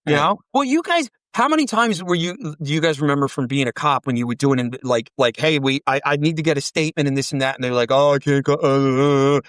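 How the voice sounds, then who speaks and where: A man's voice: on the high side, fast, hardly any pauses, no room sound. A man in his forties, a podcast guest, telling rambling, profane stories in a casual chat and acting out the dialogue. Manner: rambling, profane, animated storytelling with quoted dialogue.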